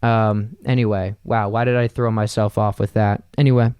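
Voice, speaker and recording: Young male podcast host, casual rambling storyteller, smooth tone, dry and close. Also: on the low side, flat delivery, moderate pace, darkish tone, no echo. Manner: rambling and loose, with frequent fillers and swearing. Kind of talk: casual solo podcast monologue.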